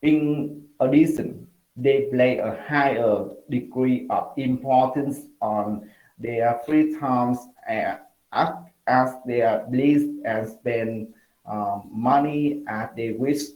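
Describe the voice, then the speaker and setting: Slow halting man presenting in class. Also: medium pitch, echoey room, dull audio. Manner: halting, many fillers, word restarts. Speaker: student presenter.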